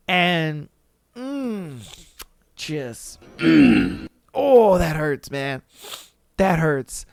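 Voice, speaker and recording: This young male podcast host reads listener stories and reacts in a loose, slangy way, swearing and laughing a lot. His voice sits on the high side with big pitch swings, drawn-out words, vocal fry, and frequent pauses, captured in a dry, clean studio recording.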